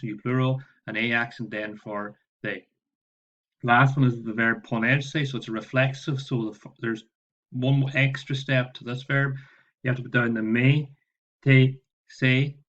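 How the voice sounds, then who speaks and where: A man's voice: medium pitch, a bit bright. Man, spanish teacher, homework walkthrough, patient, spells letters out, dull lo-fi sound.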